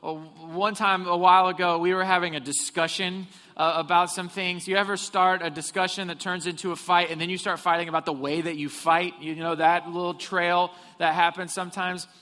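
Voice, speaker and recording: With a high-sitting, level voice, a pastor preaches briskly and with few pauses, his tone bright and forceful. His sermon in the church hall is full of humorous storytelling and questions for the congregation, heard through a long reverb.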